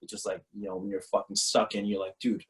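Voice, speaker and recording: A man's voice: fairly low pitch, monotone, quick pace, poor audio. Blunt, profane man ranting. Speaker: guest, former pro pitcher. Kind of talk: casual interview chat.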